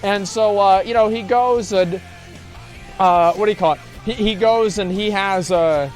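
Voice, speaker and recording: A man streaming live, chatting casually and rambling through a profane, animated story while reading donations. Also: high-pitched, measured pace. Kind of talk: casual livestream chat. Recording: faint music behind voice.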